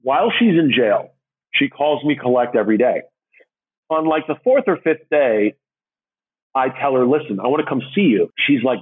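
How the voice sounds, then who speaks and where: A man's voice: lively intonation, normal speed, husky, phone-quality sound. A man animatedly telling his own story, acting out the voices of the people in it. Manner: acts out others' voices with big pitch jumps.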